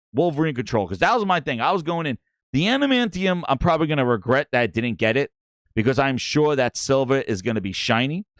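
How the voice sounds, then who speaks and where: Heard in clean studio sound with no echo, this gaming show host is a middle-aged New Yorker with a medium-pitched voice. He runs a casual gaming livestream in an excitable way, hyping up and thanking his viewers between rambling stories.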